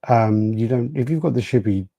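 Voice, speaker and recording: A man's voice: medium pitch, fairly quick, dark tone, dry recording. A British man co-hosting a podcast, casually telling stories and reading out live chat messages. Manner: rambling storyteller, acts out quotes. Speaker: podcast co-host.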